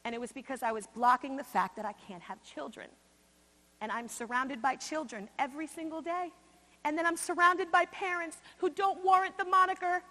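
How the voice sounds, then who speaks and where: A high-voiced New York woman gives a motivational keynote to a conference crowd, expressively swinging between loud, punchy emphasis and slow, hushed asides. A long reverb from the large hall rings around her voice.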